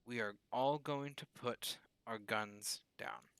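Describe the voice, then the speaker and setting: A man voicing a cold male troll in a video game, speaking slowly and deliberately. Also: mid-range voice, a bit bright, clear, resonant tone, no echo. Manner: slow, deliberate.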